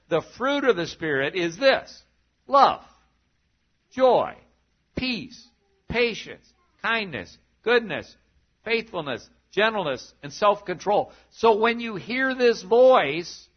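A male pastor preaching with a fairly high voice, swinging from animated to hushed. The recording sounds a little dull and muffled. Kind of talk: sermon.

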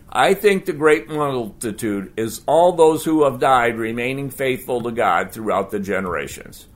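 A man preaching a sermon as pastor, conversational and animated, asking the congregation rhetorical questions. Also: medium pitch.

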